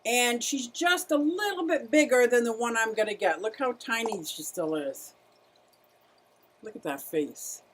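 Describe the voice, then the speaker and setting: A woman's voice: a little high, normal speed, few pauses, a little hiss or hum. Chatty woman streaming about her turtles. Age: middle-aged. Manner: chatty, greets viewers, talks to her animals. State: out of breath at times. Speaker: turtle keeper livestreaming. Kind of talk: casual livestream chat.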